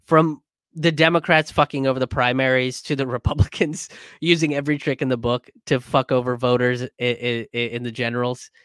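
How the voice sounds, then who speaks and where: A man's voice: mid-range voice, fairly even intonation, brisk, a bit bright, clean tone, dry recording, studio quality. A man giving casual, rambling political commentary, sarcastic and sweary, with many fillers and restarts. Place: in a car.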